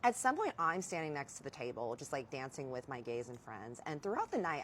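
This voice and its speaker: Low-voiced woman telling a candid story. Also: brisk, few pauses, a little hiss or hum. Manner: candid, swears freely, addresses viewers as y'all; animated when quoting herself. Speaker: storytime vlogger. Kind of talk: casual storytelling.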